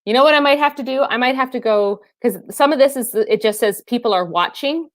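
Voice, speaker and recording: A woman's voice: on the high side, a little fast, no echo. A woman fitness trainer hosting a casual live stream, chatting and laughing with viewers and calling them by name.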